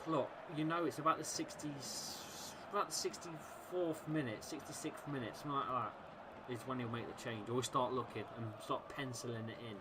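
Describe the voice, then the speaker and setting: A man hosting a live fan watchalong, commentating on the match and shouting encouragement at his team. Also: mid-range voice, fairly even intonation, brisk, background noise. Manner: chatty, reacting and laughing at misses. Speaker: football fan watchalong host.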